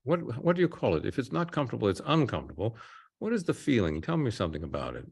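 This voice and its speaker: A man working as a therapist, guiding a client through a slow, soothing body-awareness exercise. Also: lowish voice, huge pitch swings, creaky, a little mellow, slightly rough. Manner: slow, soothing guided instructions. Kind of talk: guided therapy session.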